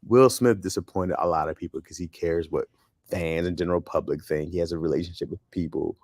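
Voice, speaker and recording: A man with a low voice hosts a casual livestream, speaking fairly quickly as he reads viewer comments. He laughs often and tells stories in a blunt, animated way, captured in clean studio sound without room noise.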